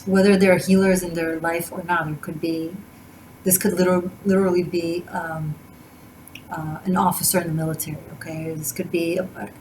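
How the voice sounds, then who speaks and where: A woman's voice: fairly low pitch, darkish tone, slight background noise, low-quality recording. A woman doing a tarot reading to camera, talking in a gushing, rambling way with many restarts. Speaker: tarot reader. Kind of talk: casual spiritual reading to camera.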